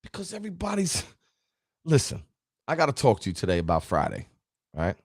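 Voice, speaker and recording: A man hosting a motivational talk show, speaking straight to his audience with a preachy, animated delivery. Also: mid-range voice, a little fast, breathy edge, dry recording, clean studio sound. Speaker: motivational show host and town councilman.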